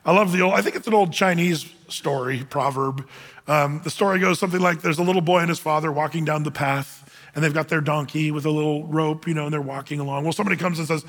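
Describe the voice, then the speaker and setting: Male pastor, sermon, conversational, repeats words, high voice, long hall reverb. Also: steady tone, fast talker, fairly bright tone.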